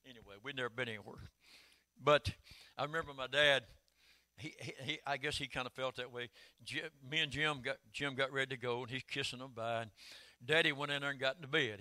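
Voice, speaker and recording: An older man, preaching a sermon in a folksy storytelling way that swells into shouted calls. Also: medium pitch, no room sound. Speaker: pastor.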